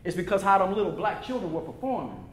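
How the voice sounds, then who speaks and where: A man with a very high speaking voice delivers an impassioned motivational talk, pressing each point with preacherly, emphatic repetition. His words ring out in a roomy, echoing hall. He speaks to the crowd at a screening like a sermon. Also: sing-song, fast, a little hiss or hum. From United States. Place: event venue before an audience.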